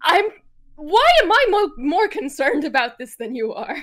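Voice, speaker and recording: A flustered, worried adventurer, played by a woman at a tabletop game. The voice sits high and bright, jumping around in pitch as the worry spills out. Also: sing-song, normal speed. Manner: flustered, pressing, sarcastic. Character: worried, fussing adventurer companion. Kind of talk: tabletop role-play.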